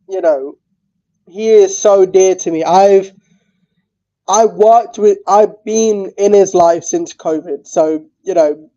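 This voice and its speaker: A tearful man talks on a stream in a halting way, stumbling and repeating words and swearing now and then. His voice is high and very dark, and he speaks slowly. The audio is dull and lo-fi. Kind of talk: emotional livestream talk.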